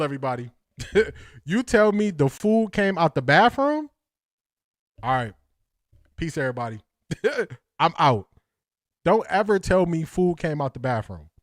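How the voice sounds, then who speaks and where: A man's voice: fairly high pitch, no room sound, clean studio sound. A man from Ohio, hosting a casual livestream, joking with chat, laughing often and repeating lines for effect. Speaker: sports talk livestream host reading chat.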